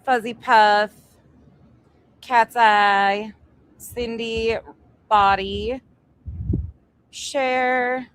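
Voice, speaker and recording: This livestream host speaks extremely slowly with long pauses, her slightly high voice fairly even in intonation, fairly bright, clear, and resonant. She chats casually from home, greets viewers individually, and swears freely, while construction noise drifts down from upstairs over poor audio.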